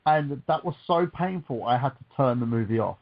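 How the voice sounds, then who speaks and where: A man's voice: mid-range voice, animated, a little fast, lo-fi sound. A man hosting a casual movie podcast, rambling with many restarts. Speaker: podcast host. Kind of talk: casual chat.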